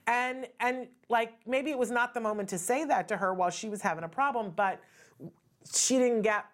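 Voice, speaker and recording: A woman's voice: on the high side, normal speed. Earnest, chatty woman host. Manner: earnest, conversational, often asks "right?". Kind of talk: casual talk show monologue.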